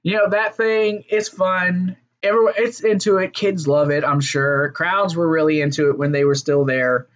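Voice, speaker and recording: A man's voice: fairly high pitch, steady tone, moderate pace, hardly any pauses, a bit bright, lo-fi sound. A man giving a casual, rambling solo review of a wrestling show, swearing freely and trailing off into fillers. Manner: profane, rambling, fillers and restarts.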